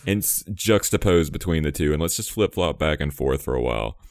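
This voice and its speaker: A man co-hosting a casual chat, animated and acting out quotes in exaggerated voices. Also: rumbling low, brisk, no room sound, studio quality. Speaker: podcast co-host.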